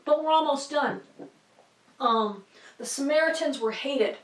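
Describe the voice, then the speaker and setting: Rambling female Bible teacher, high voice, distant mic in a reverberant room. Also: measured pace. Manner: rambling, chatty, many fillers and asides. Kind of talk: casual teaching to camera.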